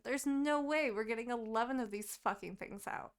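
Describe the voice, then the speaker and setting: A woman's voice: a little high, steady tone, normal speed, fairly bright tone. A young woman co-hosting a podcast, chatting casually and rambling through her week, swearing often and laughing. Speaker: podcast co-host. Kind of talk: casual chat.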